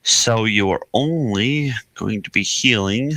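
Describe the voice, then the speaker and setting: Male game master, deep and unhurried, halting casual chatter. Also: bright, forceful tone, dry recording. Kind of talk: casual chat between game sessions.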